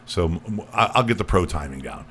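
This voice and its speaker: A man's voice: low-pitched, animated, fast talker, fairly bright tone, a little hiss or hum. A man hosting a comedy podcast, stammering and repeating words as he jokes crudely with his guests. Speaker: podcast host. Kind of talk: loose comedic podcast banter.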